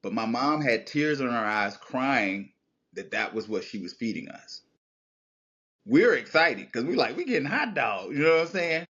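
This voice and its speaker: A man's voice: mid-range voice, normal speed, highs cut off. Reflective man telling a family story. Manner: storytelling, reflective, animated when recalling childhood. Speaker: podcast guest. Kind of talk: casual heartfelt conversation.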